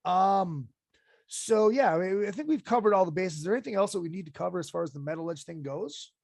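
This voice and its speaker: A man's voice: high voice, animated, fast talker, vocal fry, a little mellow, no room sound, clean studio sound. A man hosting a live podcast in a casual chat, reading listener comments aloud. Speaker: podcast host.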